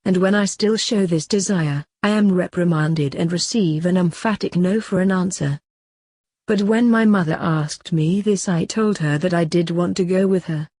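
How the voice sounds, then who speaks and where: A woman narrating a saint's autobiography as an audiobook, in a calm, earnest and measured reading. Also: fairly low pitch, dry recording, clean studio sound.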